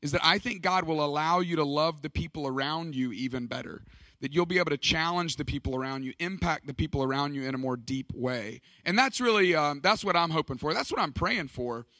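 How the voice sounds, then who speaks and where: A man's voice: a little high, a little fast, bright, forceful tone, dry recording. A middle-aged man speaking at a church leadership conference, telling stories in an emphatic, conversational way. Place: church stage.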